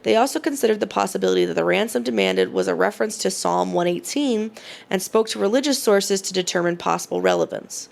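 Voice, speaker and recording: Woman podcast cohost, dry teasing delivery, gravelly edge. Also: mid-range voice, fast, darkish tone. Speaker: podcast co-host. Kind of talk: casual chat, reading case notes.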